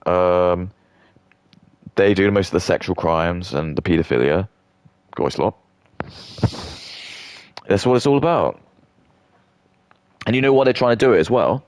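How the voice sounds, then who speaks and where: A man's voice: low-pitched, lively intonation, a little slow, long pauses, darkish tone, dry recording. A British man in his thirties, talking in a rambling, blunt rant with frequent stammering restarts. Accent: British English. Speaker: streamer.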